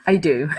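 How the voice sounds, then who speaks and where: A woman's voice: medium pitch, a bit bright, slightly rough. A young woman, chatting casually with live viewers, swearing freely and poking fun at herself. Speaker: book channel host.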